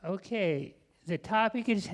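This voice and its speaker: A man's voice: high voice, unhurried. An older man from western Colorado, a farmer speaking at a conference in a folksy, self-deprecating way with restarts. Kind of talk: folksy public talk with a joke. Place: conference hall.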